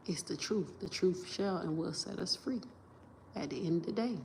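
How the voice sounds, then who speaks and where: Low-voiced woman ranting on a livestream. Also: normal speed, vocal fry, darkish tone, a little hiss or hum. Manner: emphatic, repetitive and profane, restarting sentences. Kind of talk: rambling livestream monologue.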